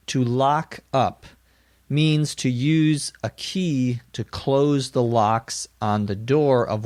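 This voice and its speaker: A middle-aged man narrating a scripted English lesson, slowly and carefully explaining each word. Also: medium pitch, no room sound, clean studio sound. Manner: slow and deliberate, defining words plainly. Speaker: English teacher.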